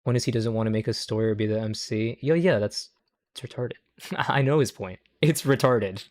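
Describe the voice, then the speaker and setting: A man's voice: medium pitch, fairly quick, a little mellow. A young man hosting a livestream, reacting to clips in casual, profane commentary. He rambles, keeps tagging lines with "okay?", and laughs at his own jokes.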